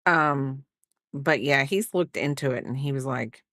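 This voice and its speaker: A woman's voice: rumbling low, unhurried, fairly bright tone, no echo. A middle-aged American woman talks unhurriedly on a crochet livestream, drifting from topic to topic as she answers chat. Her voice is recorded dry and close, with no room sound around it. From United States. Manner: rambling, chatty, answers chat between stitches. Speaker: livestreamer crafter.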